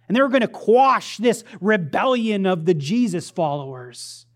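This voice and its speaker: A woman preacher giving a sermon in a conversational, playful, animated storytelling manner. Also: medium pitch, normal speed.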